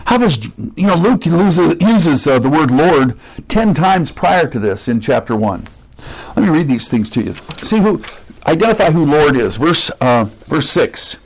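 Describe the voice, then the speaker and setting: A man teaching a sermon verse by verse, explaining word meanings and pausing to repeat key points. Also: on the high side, big pitch swings, poor audio. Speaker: pastor.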